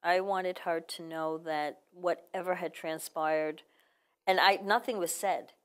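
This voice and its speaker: Female author guest, slightly low voice, earnest and reflective, personal storytelling. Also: steady tone, unhurried, clear, resonant tone. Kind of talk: casual interview.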